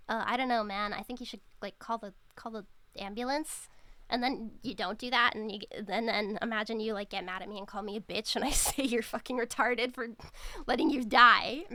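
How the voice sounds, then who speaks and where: A woman livestreamer talks loosely while she plays, swearing freely and trailing off into filler words. Her voice sits a little high and rings bright and sharp. She comes across as blunt and outspoken. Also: expressive, brisk, a little hiss or hum. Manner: blunt and profane, rambling with many fillers. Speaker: VTuber streamer. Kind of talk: casual chat while streaming a game.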